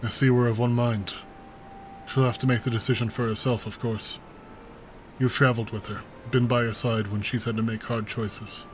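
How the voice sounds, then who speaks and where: A man voicing an older male resistance commander while reading game dialogue aloud, earnest and measured. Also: mid-range voice, little pitch movement, a little hiss or hum, close to an everyday voice, rough recording. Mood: tender.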